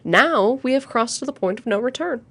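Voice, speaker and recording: A woman voicing a mysterious, solemn cult member from a horror adventure game, reading slowly and theatrically. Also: fairly high pitch, lively intonation, voice pushed up.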